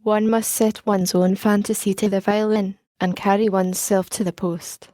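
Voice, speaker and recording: A pompous young male student holds forth to his friends in a measured, sermonizing tone, as a woman reads him aloud. The voice is mellow and sits in a middle register. The recording is dry and close. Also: mid-range voice, little pitch movement, dry recording, lightly acted. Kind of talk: audiobook reading.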